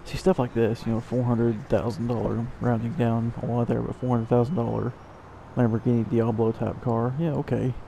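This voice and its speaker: A man's voice: medium pitch, level tone, moderate pace, creaky, mellow, slight background noise. A tired man casually commenting while playing a video game, rambling with self-mocking asides. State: yawning, tired. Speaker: let's play host.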